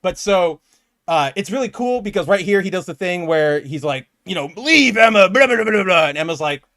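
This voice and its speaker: A young man chats casually about comics as a podcast co-host. His voice sits a little high, and he jumps into animated impressions of the lines he quotes. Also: a little fast. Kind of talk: casual comic book chat.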